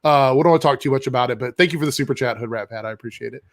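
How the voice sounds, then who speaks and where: A man's voice: mid-range voice, rapid-fire, no room sound, clean studio sound. A man co-hosting a casual live stream, laughing often and reading viewer messages aloud. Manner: laughs often, reads super chats aloud. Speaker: co-host of a fan show.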